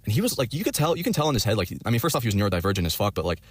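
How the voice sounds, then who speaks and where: Fast-talking, profane young man. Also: lowish voice, sing-song, slightly rough, dry recording. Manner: profane, rambling, many fillers. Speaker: vlogger telling a story. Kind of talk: rambling personal storytelling.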